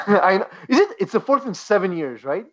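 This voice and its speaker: A man hosting a casual podcast, joking and animated, often restarting his sentences. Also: sits high, normal speed, highs cut off. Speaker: podcast host. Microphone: podcast mic, leans away at times.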